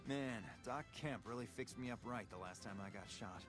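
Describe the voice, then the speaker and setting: A man's voice: medium pitch, moderate pace, fairly bright tone, soft background music, natural voice. An actor playing an easygoing male soldier in a video game. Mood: relaxed.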